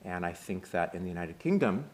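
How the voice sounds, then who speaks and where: American man giving a relaxed sermon. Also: sits low, fairly quick. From United States. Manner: conversational, hesitant fillers, retelling a film. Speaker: synagogue speaker.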